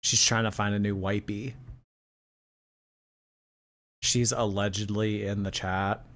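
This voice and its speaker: A woman's voice: extremely low pitch, steady tone, normal speed. A woman hosting a livestream, chatting sarcastically and reading viewer messages aloud, with a light lilt. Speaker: host. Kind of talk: casual livestream commentary.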